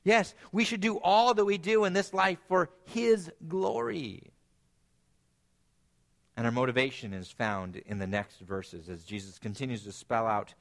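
A man preaching a sermon, earnest, climbing to emphatic peaks and then dropping low and quiet. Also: vocal fry.

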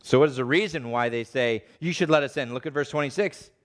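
A man preaching a sermon, animated, acting out the voices of the people he quotes. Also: mid-range voice, quick pace.

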